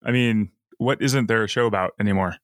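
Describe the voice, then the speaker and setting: A man's voice: on the low side, brisk, fairly bright tone, no room sound, studio quality. Wry man tossing in short remarks. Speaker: podcast co-host. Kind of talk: casual chat.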